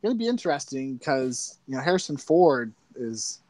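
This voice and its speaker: A man's voice: medium pitch, sing-song, normal speed, darkish tone, dry recording. A young man chatting casually about films as a podcast guest, easygoing and hesitant in his phrasing. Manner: easygoing, hesitant, many fillers and restarts. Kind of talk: casual film discussion.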